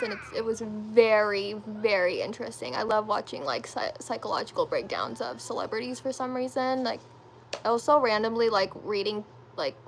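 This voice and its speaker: A woman's voice: a little high, a little hiss or hum. A young woman at home chatting casually with viewers while doing her makeup, rambling with lots of fillers. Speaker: lifestyle livestream host.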